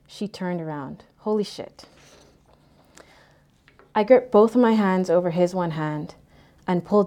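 A woman reading a first-person story in a measured way, letting her phrases fall away softly at the ends. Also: lowish voice. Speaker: narrator.

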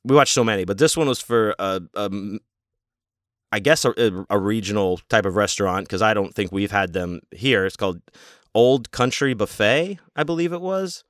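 Man, lowish voice, dry close mic, casual rambling storytelling, amused. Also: normal speed, no echo. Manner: rambling, laughing, many fillers and restarts.

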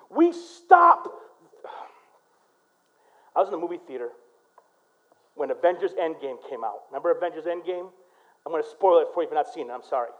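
A male pastor from Michigan preaching a sermon, swinging between loud, punchy lines and quiet storytelling. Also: very high-pitched, phone-quality sound.

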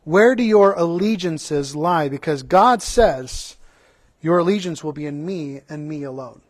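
A pastor preaching a sermon, mixing fervent rhetorical questions with earnest, conversational asides and restarts. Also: male voice, a little high, animated, unhurried.

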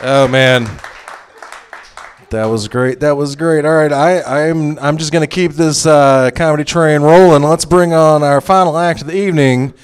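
A man's voice: a little high, steady tone, moderate pace, clear, resonant tone. A man hosting a comedy night, stumbling a little as he introduces the final act. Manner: hyping the crowd, slightly fumbling. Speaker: host. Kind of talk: introducing acts. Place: small comedy venue. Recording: distant room mic with crowd noise.

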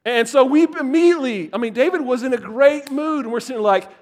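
A young adult man preaching a sermon as pastor, animated, repeating words and swinging from loud bursts to hushed asides. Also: very high-pitched, fast talker.

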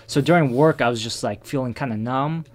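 A man in casual conversation, telling a personal story in a subdued, reflective way, full of restarts and fillers that trail off quietly. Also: mid-range voice, brisk.

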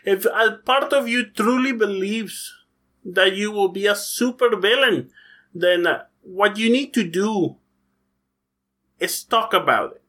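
A man voicing a gentle, human-sized male duck who is a school counselor, in a put-on Scottish accent and a soft, coaxing, fatherly manner. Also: high-pitched, slow, voice pushed up, exaggerated voice. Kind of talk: tabletop role-play character voice.

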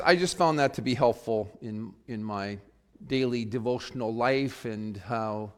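A pastor delivering a sermon and leading a prayer, earnest and reflective, rising to sudden emphasis on key phrases. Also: male voice, a little high. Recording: long reverb of a large hall.

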